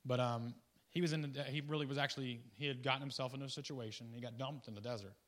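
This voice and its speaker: A man giving an informal guest sermon. He talks in a rambling, conversational way with restarts and asides, swinging between loud, excited bursts and quiet, low remarks. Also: fast talker. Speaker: guest preacher.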